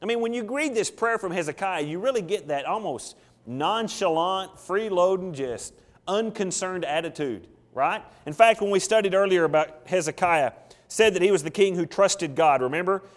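A man's voice: sits high, lively intonation, moderate pace. A male pastor preaching an expository sermon in a conversational way, sometimes acting out the prayers he quotes. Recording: long reverb of a large hall.

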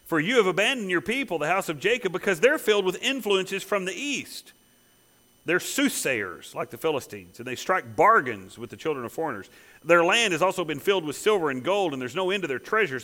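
A man preaching a sermon, emphatic, with rhetorical questions that build to loud peaks. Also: a little high, poor audio.

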